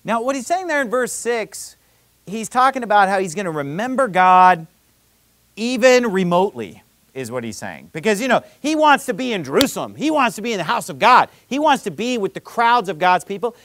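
A man preaching a sermon in an animated, conversational way, full of rhetorical questions and quoted scripture. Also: high-pitched, brisk. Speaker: pastor.

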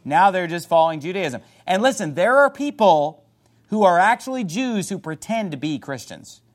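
A man's voice: high voice, sing-song, moderate pace. A man preaching a sermon as a pastor, fiery and emphatic, reading scripture aloud in old-fashioned wording.

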